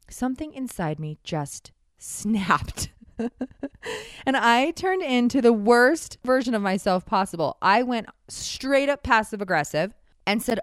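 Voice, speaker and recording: A woman's voice: medium pitch, a little slow, no room sound. Candid young woman telling her own story, wry, with a dry recording. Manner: candid, animated, wry, acts out quoted voices. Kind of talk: personal storytelling monologue.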